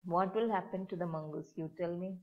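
A woman's voice: lowish voice, steady tone, a little fast. A woman teacher, reading a story aloud to children and often stopping to ask the class questions. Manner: asks the class frequent questions. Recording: dull lo-fi sound.

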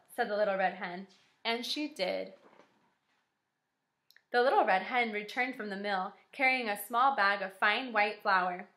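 A woman kindergarten teacher reading a picture book aloud to her class, speaking clearly and encouragingly and explaining step by step. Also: medium pitch, steady tone, moderate pace, pushed and bright. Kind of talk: read-aloud lesson for young children.

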